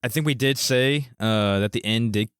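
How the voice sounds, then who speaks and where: A man's voice: medium pitch, normal speed, a bit bright, clean tone, dry recording, studio quality. A man co-hosting a movie podcast, easygoing and a bit hesitant as he sums up a plot. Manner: easygoing, hesitant with fillers while summarizing. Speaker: podcast co-host. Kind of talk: casual movie discussion.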